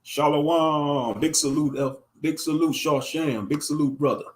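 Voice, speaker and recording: A man's voice: on the high side, a little slow. A man in his thirties giving a profane, mocking, rambling commentary on a livestream. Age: 30s.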